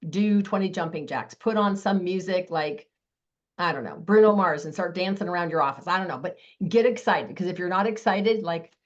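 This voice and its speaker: A woman giving a live online sales training, talking fast with a lot of energy over a video call. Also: fairly low pitch, dull audio.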